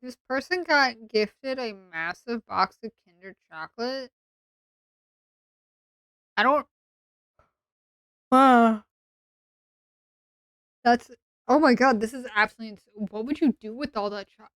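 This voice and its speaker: An English woman streaming a role-play session, talking in sarcastic, playful asides. Her voice sits a little high and sounds smooth and clear, recorded dry and close. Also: unhurried, long pauses, fairly bright tone, dry recording. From England.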